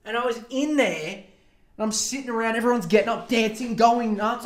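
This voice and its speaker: A man in his twenties, a podcast host telling a crude, animated story and acting out quotes in raised voices. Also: high voice, a little fast, slight background noise. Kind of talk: casual storytelling monologue. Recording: roomy echo.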